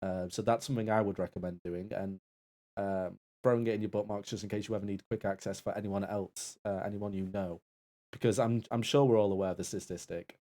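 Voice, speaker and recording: A man with a fairly low voice talks into his stream mic, making a sincere appeal. He rambles and restarts, but the tone stays earnest. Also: fairly even intonation, fairly quick, warm tone. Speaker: co-host and Taskmaster assistant.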